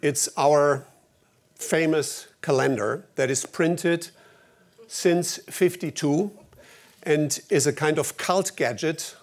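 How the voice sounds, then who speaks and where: Speaking in a fairly high pitch, a man from Germany gives the formal opening address at an awards event. His German accent is clear, and he tells it in a dry, anecdotal manner, phrasing things a little haltingly.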